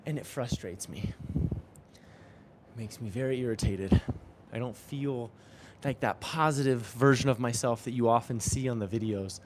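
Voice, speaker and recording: A young male vlogger with a mid-range voice speaks at a measured pace while cycling outdoors in the rain, the background noisy. His reflective spiritual vlog is earnest and thoughtful, and he often repeats phrases to himself.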